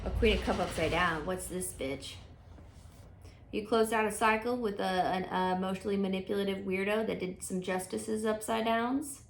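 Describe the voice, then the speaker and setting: A woman's voice: mid-range voice, fairly even intonation, normal speed, vocal fry, slight background noise. A woman giving a casual, chatty tarot reading, thinking aloud with frequent fillers and restarts. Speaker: tarot reader.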